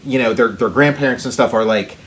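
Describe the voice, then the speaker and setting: A man's voice: medium pitch, a little fast. A man co-hosting a casual podcast, rambling through long explanations full of "like" and "you know". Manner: rambling, many fillers and restarts. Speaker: podcast co-host. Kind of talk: casual chat.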